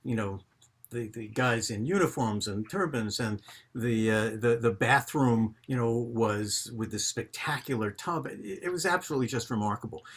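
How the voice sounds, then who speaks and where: Older man, husky, rambling, video call storytelling. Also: mid-range voice, moderate pace, fairly bright tone. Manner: rambling, many fillers and restarts. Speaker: group member telling a story. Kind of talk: casual storytelling on a group call.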